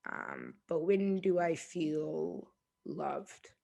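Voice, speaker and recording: A woman in her twenties, an interview guest, talking reflectively and hesitantly with many pauses and restarts. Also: deep voice, wildly swooping pitch, creaky, warm tone. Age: 20s. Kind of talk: reflective casual conversation.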